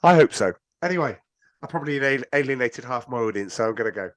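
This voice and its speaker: A man's voice: mid-range voice, lively intonation, fast talker, no echo. A British man hosting a podcast, chatting casually and teasing his guest with joking banter. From Britain. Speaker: podcast host.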